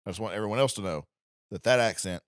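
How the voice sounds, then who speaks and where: A man's voice: fairly low pitch, fast, clear, resonant tone, no echo, clean studio sound. A man in his thirties co-hosting a comedy podcast, trading jokes and laughing often. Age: 30s. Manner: lively, joking, laughs a lot. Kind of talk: casual comedic banter.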